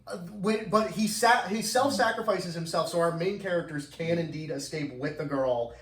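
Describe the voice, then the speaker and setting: High-pitched guy rambling and cussing on a podcast, echoey, kinda far from the mic. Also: moderate pace, a bit bright. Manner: rambling, lots of fillers and swearing. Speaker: podcast host. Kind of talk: casual podcast chat recapping a film.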